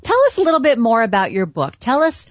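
A woman's voice: on the high side, big pitch swings, quick pace, dry recording, muffled recording. A woman hosting an interview, asking long, rambling questions with many restarts. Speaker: interview host.

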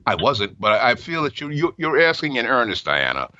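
A man's voice: medium pitch, sing-song, brisk, sharp tone, no room sound. Male Christian radio host, heartfelt, stammers, dry close sound. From New York. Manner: earnest, heartfelt testimony with stammered restarts. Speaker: radio talk show host. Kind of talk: Christian call-in radio talk. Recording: muffled broadcast audio.

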